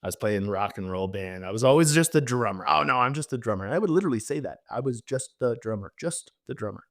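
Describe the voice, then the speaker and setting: Lively man telling a story. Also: fairly low pitch, fast talker, dry recording, clean studio sound. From Canada. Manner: animated, vivid storyteller with many fillers. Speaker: podcast guest, musician. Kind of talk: personal storytelling in conversation.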